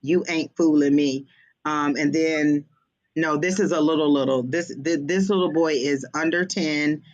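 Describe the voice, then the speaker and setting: A woman's voice: deep voice, moderate pace. Hesitant woman giving a psychic reading. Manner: hesitant, many ums, relaxed and chatty. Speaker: psychic reader. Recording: slightly dull lo-fi stream audio.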